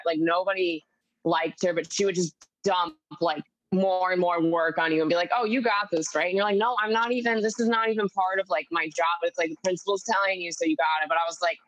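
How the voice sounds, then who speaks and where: A young woman in casual podcast chat, rambling along and peppering every thought with "like" as she acts out quotes. Her voice sits on the lower side for a woman. The sound is dry and close, with no room in it. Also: a little fast, dry recording, poor audio. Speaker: guest comedian. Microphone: video call.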